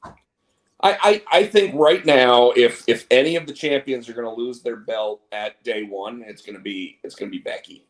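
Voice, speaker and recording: A man co-hosts a loose wrestling chat, his voice at an ordinary middle pitch. He rambles and restarts his sentences, firm in his opinions. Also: moderate pace. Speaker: co-host.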